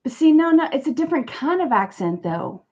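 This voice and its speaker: A woman's voice: high voice, sing-song, a little fast, darkish tone, highs cut off. A woman hosting a livestream, chatting casually and answering viewers one by one. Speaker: livestream host. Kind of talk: casual chat.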